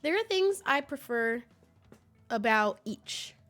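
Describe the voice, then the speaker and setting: Hoarse young woman chatting with a cold. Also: fairly high pitch, big pitch swings, takes it slowly, a bit bright, faint music behind. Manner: chatty and rambling, with frequent laughs and restarts. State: hoarse from a cold, sniffly and coughing. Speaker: streamer. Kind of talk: casual chat with viewers. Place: home.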